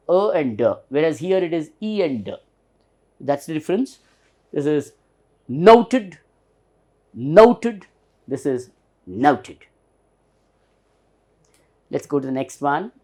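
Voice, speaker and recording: A man with an Indian English accent teaching a lesson, slowly repeating and stressing the example words. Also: on the high side, a little mellow. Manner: slow, repeats example words several times; stretches and stresses the demonstrated words. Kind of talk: recorded classroom lesson.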